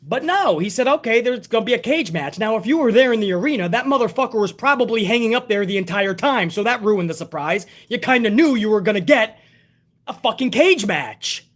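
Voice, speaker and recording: Young adult male reviewer, high voice, profane and sarcastic ranting delivery. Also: lively intonation, a little fast. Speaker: wrestling show reviewer.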